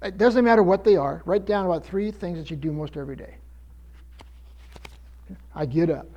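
A man's voice: sits high, expressive, quick pace, mellow, highs cut off. A man preaching a sermon as pastor, often repeating words as he restarts, rising for emphasis.

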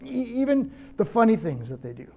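High-voiced older male pastor. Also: big pitch swings, fairly quick, a little mellow. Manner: earnest, personal, anecdotal. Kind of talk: conversational sermon.

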